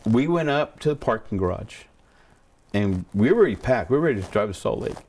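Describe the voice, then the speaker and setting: Low-voiced pastor telling a story. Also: male voice, expressive, a little fast, darkish tone, a little hiss or hum. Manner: rambling, repeats words, acts out quoted voices. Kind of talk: personal storytelling in an interview.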